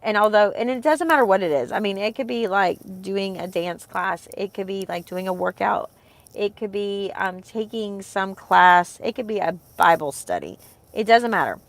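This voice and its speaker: An emotional woman in her thirties, close to tears, talks casually to camera about homeschooling, rambling sincerely and using plenty of fillers. Her mid-range voice is gravelly and expressive, at a normal speed.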